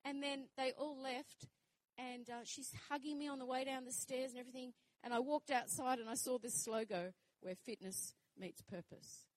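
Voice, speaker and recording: A woman minister preaching with fervour, repeating her phrases as she builds to bold declarations. Her voice sits fairly high, and the recording is close and dry, with no room sound. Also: fairly even intonation, normal speed, no echo, low-quality recording. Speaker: minister and fitness trainer. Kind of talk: sermon.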